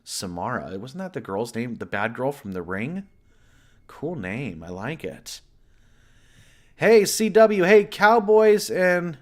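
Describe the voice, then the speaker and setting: A man from the US West Coast, chatting casually as a livestream host, rambling and greeting viewers by name. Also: mid-range voice. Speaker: livestream host and horror story narrator.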